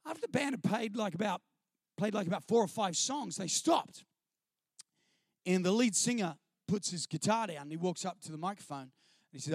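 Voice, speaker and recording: A man tells a funny story from the stage in an unusually high voice. He is lively and animated, breaks into mimicry of others and laughs mid-sentence. The sound is very dry and close. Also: a little fast, no echo. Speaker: speaker sharing a testimony. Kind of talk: comic storytelling to an audience.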